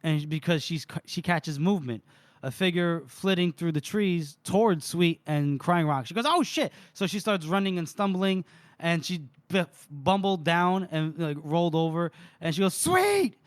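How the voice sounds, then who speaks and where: A man's voice: on the high side, normal speed, clean tone, no room sound. A man co-hosting a podcast, casually retelling book chapters and quoting the characters' lines with frequent laughter. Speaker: podcast co-host recapping chapters. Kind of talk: casual book recap chat.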